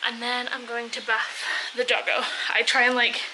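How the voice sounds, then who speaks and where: A woman's voice: on the high side, completely flat delivery, moderate pace, background noise. A young woman vlogging casually at home, chatty and a little anxious, talking straight to her handheld camera. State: out of breath. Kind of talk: casual day-in-the-life vlog. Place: at home, indoors.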